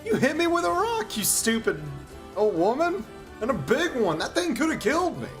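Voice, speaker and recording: A man voicing an angry boy bully who yells in a whiny, shrill way. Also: wildly swooping pitch, normal speed, soft background music, exaggerated voice. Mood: outraged.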